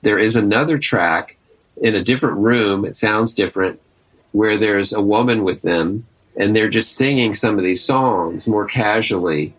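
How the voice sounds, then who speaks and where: A man giving relaxed, conversational commentary on archival recordings of old songs. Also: fairly low pitch, normal speed, poor audio. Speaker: archival music presenter. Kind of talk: casual spoken commentary between archival song clips.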